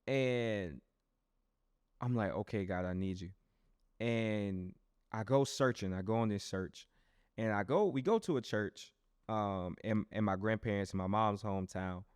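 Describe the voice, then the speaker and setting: A young adult man hosting a podcast and telling a personal testimony in a loose, animated, conversational way, often speaking straight to his listeners. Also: lowish voice, unhurried, clear, resonant tone, no room sound, clean studio sound. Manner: animated storyteller who talks straight to listeners; loose and conversational, with frequent restarts. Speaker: podcast host.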